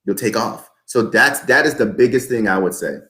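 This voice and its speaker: In a podcast interview, a guest in his twenties talks emphatically, repeating his points the way a motivational speaker would. His voice is lowish and animated, with a sharp tone and a moderate pace.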